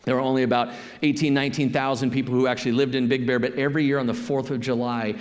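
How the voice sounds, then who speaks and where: A man preaching a sermon as a pastor, telling a story in a conversational, animated way. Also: mid-range voice, big-room sound. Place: church sanctuary.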